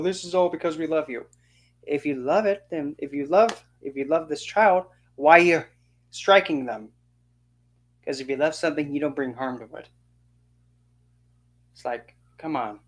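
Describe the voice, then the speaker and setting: Vlog rant, indignant, sarcastic, mid-pitched voice, mocking quoted voices. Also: a little slow, pauses often. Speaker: occult channel host. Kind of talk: ranting opinion monologue.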